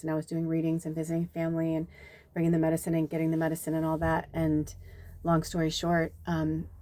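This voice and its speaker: A woman with a low, dark-toned voice, who reads cards and works as a spiritual medium, rambles casually through something that happened to her. Whenever she quotes someone, she acts them out.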